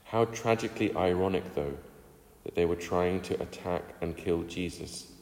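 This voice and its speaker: A very deep-voiced man gives a devotional reflection on scripture. He speaks in a measured, earnest way with gentle emphasis. His voice rings out in a roomy space with a long reverb tail. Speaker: preacher. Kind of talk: Bible reading and devotional reflection. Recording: echoey room with long reverb.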